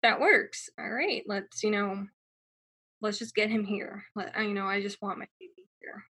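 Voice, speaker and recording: A woman's voice: mid-range voice, moderate pace, pushed and bright, slightly rough. A young woman telling her personal story in a casual, chatty way, full of fillers and acted-out quotes.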